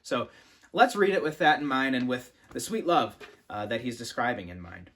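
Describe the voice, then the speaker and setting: A young adult man hosting a poetry channel, explaining and reading a poem in a relaxed, casual way, thinking aloud with fillers and restarts. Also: mid-range voice, moderate pace.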